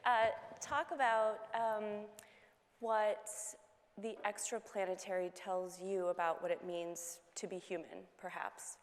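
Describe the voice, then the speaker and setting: Moderator, female, mid-pitched, chatty questioner; reverberant hall sound. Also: fairly even intonation, unhurried. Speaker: panel moderator. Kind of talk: panel discussion questions. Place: conference hall. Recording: hall reverb from a conference stage.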